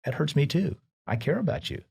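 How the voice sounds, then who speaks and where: A man hosting a podcast, giving reflective, measured advice in conversation. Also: fairly high pitch, lively intonation, creaky, darkish tone, breathy edge. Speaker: podcast host.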